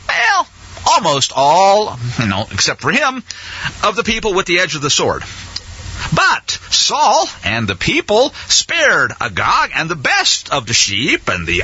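Male preacher, sermon style, very animated pitch, bright and breathy, dull lo-fi sound. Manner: sarcastic, folksy asides, dramatizes characters' lines. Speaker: Bible teacher. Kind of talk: sermon with acted-out quotes. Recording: dull lo-fi recording.

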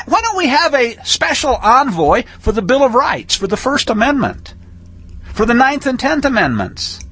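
A man hosting a religious commentary show, preaching fervently with sarcasm and swinging from low mutters to loud outbursts. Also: breathy edge.

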